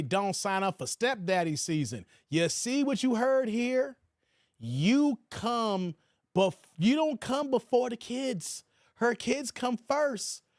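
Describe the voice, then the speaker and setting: A man's voice: high voice, no room sound, clean studio sound. A man hosting a livestream, reacting to a video and talking to his chat in slang with mocking asides.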